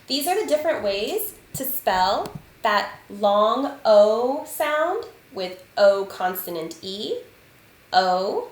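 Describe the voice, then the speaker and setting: A woman teaching a spelling lesson to children, patient and deliberate, sounding out letters and counting aloud. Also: mid-range voice, big pitch swings. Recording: echoey room, faint ambient noise.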